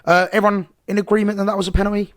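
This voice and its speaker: A man's voice: high voice, level tone, very fast. A man, a podcast co-host rambling in casual football chat over a video call. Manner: rambling, many fillers like "you know" and "like".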